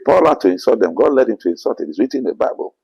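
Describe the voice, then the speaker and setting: A man's voice: medium pitch, animated, racing, creaky, darkish tone, breathy edge, lo-fi sound. A man with a Ghanaian accent, an apostle answering interview questions in an earnest preaching manner, often quoting scripture. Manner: earnest, quotes scripture, rising to emphatic bursts.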